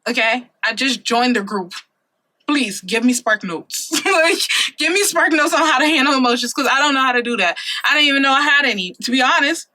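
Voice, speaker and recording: Chatty, bright-voiced woman vlogger in her twenties. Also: fairly high pitch. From Ohio, USA. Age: 20s. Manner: chatty and dramatic, laughs often, teasing. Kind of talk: casual chat to camera. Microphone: compact camera mic.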